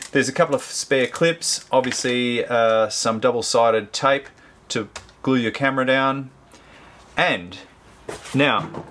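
A man's voice: mid-range voice, fairly bright tone. Male host, casual unboxing review, rambling and chatty, faint background noise. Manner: chatty, rambling, self-correcting.

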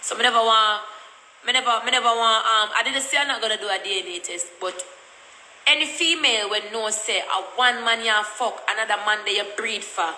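A woman's voice: fairly high pitch, brisk, bright, forceful tone, roomy sound, a little hiss or hum, rough recording. A woman with a Jamaican accent telling a story in a blunt, repetitive, cussing rant. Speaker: vlogger.

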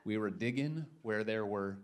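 A man's voice: fairly low pitch, normal speed. Joking man preaching a casual sermon. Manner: joking, chatty storytelling with lots of restarts. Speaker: pastor. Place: church.

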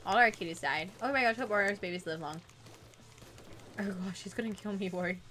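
A woman's voice: medium pitch, fairly quick, bright, forceful tone, faint music behind. A young woman with a stuffy nose, chatting and laughing through a casual gaming stream. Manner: giggly, dramatic outbursts while playing.

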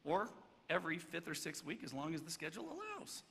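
A man preaching a sermon as pastor, swinging between loud emphatic stretches and hushed, soft passages. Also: fairly high pitch, huge pitch swings, a little fast, gravelly. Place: church sanctuary. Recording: church hall reverb, faint background noise.

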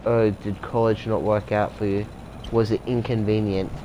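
A man's voice: lowish voice, level tone, moderate pace, warm tone, muffled recording, a little hiss or hum, close to an everyday voice. A man voicing a curt, bitter young female crocodile in a video game, scolding in a dry tone.

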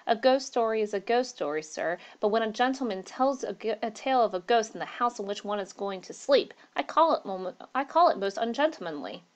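A woman's voice: on the high side, animated, fairly quick, few pauses, close to an everyday voice. Storybook: woman doing a jumpy man at an inn, uneasy, curt. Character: uneasy, nervous male guest.

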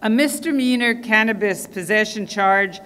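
A woman's voice: mid-range voice, normal speed, a bit bright. A woman senate president giving an emphatic, formal speech at a press conference. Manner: emphatic, stresses key words. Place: government press event room. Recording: reverberant hall.

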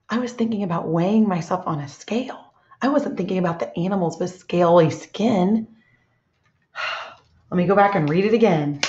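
A woman teacher giving a read-aloud lesson to young children, speaking gently and expressively and asking them questions. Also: fairly low pitch, moderate pace. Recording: echoey room, dull lo-fi sound.

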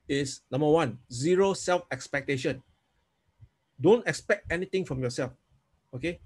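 A man's voice: on the high side, darkish tone. A man preaching a teaching sermon, leading his listeners in spoken prayers and checking in with "okay?" again and again. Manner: repetitive, coaxing, frequent "okay?"; leads congregation in spoken prayers.

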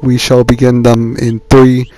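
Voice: mid-range voice, monotone, unhurried, mellow. A game streamer giving casual let's-play commentary, emotional and laughing often between words. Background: game music.

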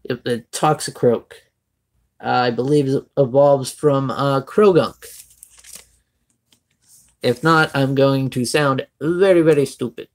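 A man's voice: mid-range voice, takes it slowly, pauses often. A young man from Florida with a Floridian Southern accent, chatting casually on a live stream as he opens card packs and greets viewers by name.

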